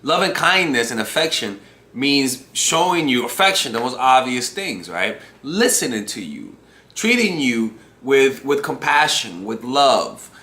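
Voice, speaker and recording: A man's voice: mid-range voice, big pitch swings, measured pace, pushed and bright. A man giving casual dating advice to camera, rambling and profane, with many restarts. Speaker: dating coach. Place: room at home. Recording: echoey room.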